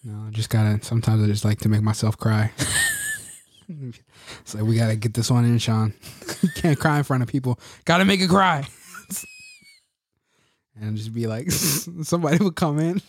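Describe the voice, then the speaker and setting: A man's voice: fairly low pitch, steady tone, normal speed, pauses often, warm tone, slight background noise. A man co-hosting a casual podcast chat, joking and acting out quotes in a raised voice. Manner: jokey, acts out quotes in a raised voice. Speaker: podcast co-host.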